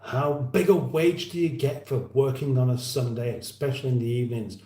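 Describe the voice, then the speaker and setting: A man's voice: mid-range voice, fairly quick, dark tone. A man hosting a casual livestream chat, rambling with dry humour as he reads viewer comments. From England. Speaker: livestream host. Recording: roomy echo.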